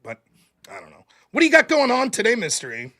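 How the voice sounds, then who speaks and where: Male talk host, high bright voice, profane ranting style. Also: wildly swooping pitch, fast talker. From United States. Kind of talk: casual call-in show chat.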